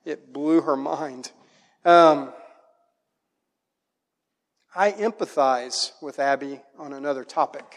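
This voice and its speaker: A middle-aged man preaching a sermon, telling family stories with animated delivery. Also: on the high side, slow, long pauses. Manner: animated storytelling, acts out a child's voice in quotes. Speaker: pastor. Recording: long hall reverb.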